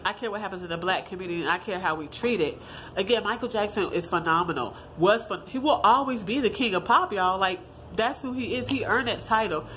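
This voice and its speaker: A woman's voice: medium pitch, a little fast, slight background noise. A woman, giving her blunt, profane opinions in a casual vlog and talking straight to her viewers. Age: 30s. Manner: blunt, profane and animated, addressing viewers as y'all. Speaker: vlogger.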